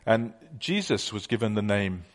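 Chatty middle-aged preacher. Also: male voice, fairly low pitch, sing-song, normal speed. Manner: anecdotal, conversational with many fillers. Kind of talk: sermon.

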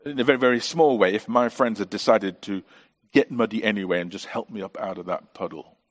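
A man's voice: lowish voice, fairly quick. A middle-aged man preaching a sermon as pastor, earnest and full of rhetorical questions.

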